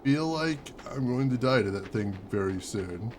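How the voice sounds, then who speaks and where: A man's voice: mid-range voice, animated, moderate pace, a little hiss or hum. A man hosting a let's play, giving wry, joking running commentary as he plays. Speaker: gaming channel host.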